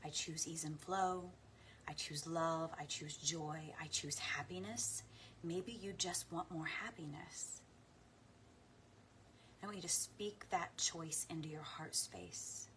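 Low, bright-toned woman guiding a meditation. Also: steady tone, a little hiss or hum. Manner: soft, slow guiding voice; laughs into her words when playful. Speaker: spiritual coach. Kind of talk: guided meditation and affirmation practice. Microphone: talking to camera.

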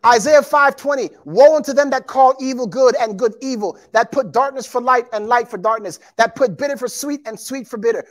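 A man preaching a sermon to his congregation, animated and emphatic, acting out quotes and calling out to the listeners. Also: very high-pitched. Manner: addresses congregation as beloved and y'all.

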